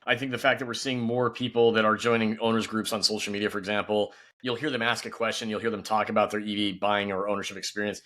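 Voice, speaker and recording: A man's voice: on the low side, little pitch movement, fast, hardly any pauses, fairly bright tone. A man speaking as a guest and company founder in a casual podcast interview, upbeat and peppered with "you know".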